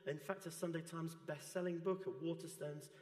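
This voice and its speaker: A man preaching a sermon in a church, gentle and earnest. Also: fairly high pitch, fairly even intonation, normal speed, roomy sound, big-room sound. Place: church hall.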